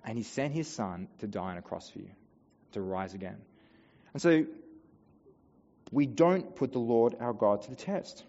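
A man preaching a sermon as a pastor, earnest, building to emphatic peaks and then dropping soft. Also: mid-range voice, animated, normal speed, long pauses. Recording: dull sound in a long-reverb hall.

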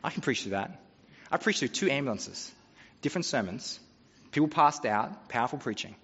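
A man's voice: mid-range voice, animated, normal speed, fairly bright tone, slightly rough. A man preaching a sermon as pastor, telling stories with humor in a conversational way. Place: church. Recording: dull sound with long church reverb.

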